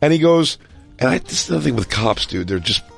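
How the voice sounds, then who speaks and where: A man's voice: mid-range voice, quick pace, gravelly, breathy edge, soft background music. A man co-hosting a podcast, telling an angry story with lots of swearing and quoted dialogue. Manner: profane, animated storytelling, quotes others. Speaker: podcast co-host. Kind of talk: storytelling chat.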